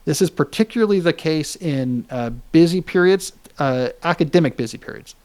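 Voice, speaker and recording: A man's voice: fairly high pitch, animated, moderate pace, darkish tone, clear, resonant tone. A man in his forties hosting a podcast, explaining ideas in casual chat with joking asides. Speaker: podcast host.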